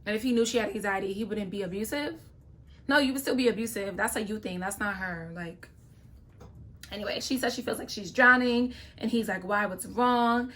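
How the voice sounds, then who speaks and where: A woman's voice: medium pitch, fairly quick, fairly bright tone. A young adult woman hosting a reality-show reaction video, giving opinionated casual commentary straight to her viewers. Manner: opinionated, talks straight to viewers, frequent "okay?" asides.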